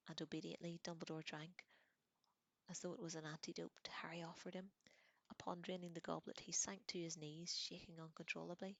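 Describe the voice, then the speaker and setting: A woman whispers her way through a novel in close, soft whispered role-play, sometimes correcting a slip. Her voice sits low, and the sound is dry with no room echo. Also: level tone, brisk. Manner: soft, close whispered reading with small slips. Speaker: audiobook reader.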